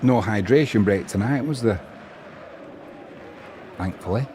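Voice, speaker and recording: Solo and live, a man commentates football in a fairly low, unhurried, warm voice, with slight background noise. He reads the viewer chat, tossing in opinionated asides and replies between play-by-play.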